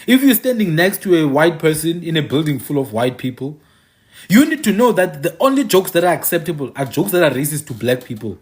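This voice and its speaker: A man's voice: on the high side, big pitch swings, a little fast. A man giving an impassioned monologue, repeating his phrases for emphasis and dropping mocking asides. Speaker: commentator.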